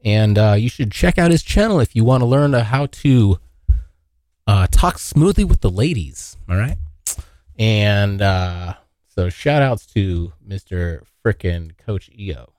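A man hosting a casual solo podcast, joking and swearing, now and then yelping into high silly voices. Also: measured pace, dry recording, clean studio sound. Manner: animated, swearing, jokey, yelps into high voices. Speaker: podcast host. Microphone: hot close mic.

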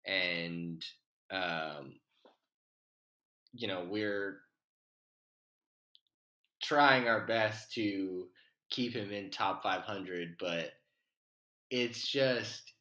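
Chill young dude joking around, lowish bright voice, echoey room. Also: male voice, drawn-out words, long pauses. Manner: relaxed, joking, says "dude", casual swearing. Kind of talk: casual chat.

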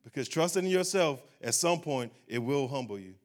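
A man's voice: mid-range voice, lively intonation, moderate pace. A man, a pastor preaching a sermon at a church service and closing in a rising, fervent prayer.

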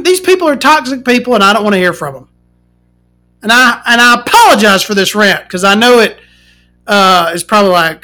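A woman hosting a podcast, ranting casually and swearing, swinging from loud outbursts to muttering. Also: fairly high pitch, lively intonation, normal speed, pauses often. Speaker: podcast host.

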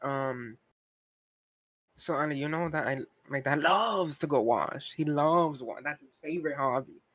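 A man's voice: fairly high pitch, unhurried, fairly bright tone, no echo. A young man co-hosting a podcast, talking in a casual, frustrated rant full of "like" and asides. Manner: frustrated ranting, heavy use of "like". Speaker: podcast co-host. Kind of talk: casual chat.

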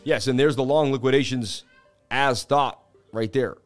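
Male market live-streamer, animated, casual, mid-pitched voice, faint music in the background. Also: a little slow. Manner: animated, casual, hype-driven. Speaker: crypto market analyst host.

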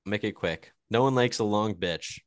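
A man's voice: fairly low pitch, normal speed, dry recording. A young man co-hosting a podcast, cutting in with dry teasing quips in casual chat. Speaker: podcast co-host.

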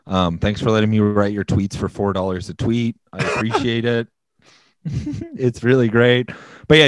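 A man's voice: fairly low pitch, no echo. A man hosting a podcast in casual chat, laid-back and jokey with hesitant fillers as he signs off. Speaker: podcast host.

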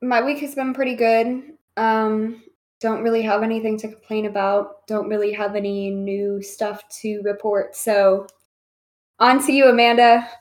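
A woman's voice: fairly high pitch, little pitch movement, a little slow. A woman co-hosting a podcast, chatting in a laid-back, easygoing way. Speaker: podcast co-host. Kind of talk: casual chat.

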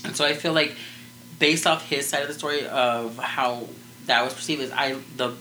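A man talking through a crime case in loose, unscripted podcast chat, circling back with "like" and half-finished sentences. His voice has a bright, forward edge at an ordinary middle pitch. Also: fairly even intonation, moderate pace, a little hiss or hum, rough recording. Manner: rambling, full of "like" and restarts. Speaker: podcast co-host. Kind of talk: casual true-crime chat.

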